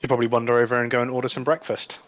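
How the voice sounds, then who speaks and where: A man's voice: medium pitch, monotone, rapid-fire, dry recording, muffled recording. A man playing a tabletop role-playing game, laughing often and answering in a prim, polite character voice. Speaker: player. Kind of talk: casual tabletop role-play.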